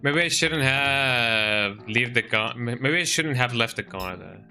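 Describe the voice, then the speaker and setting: A man's voice: mid-range voice, lively intonation, measured pace, bright, forceful tone. A young man streaming a game, casually musing aloud and second-guessing himself. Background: faint game music.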